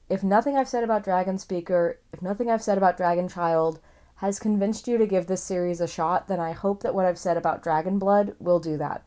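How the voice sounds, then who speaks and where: A woman talks excitedly about a favourite book series in a loose, rambling vlog review. Her voice is warm and mellow, and she often stops to gush over the characters. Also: lowish voice. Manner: gushing, enthusiastic, rambling, swears casually.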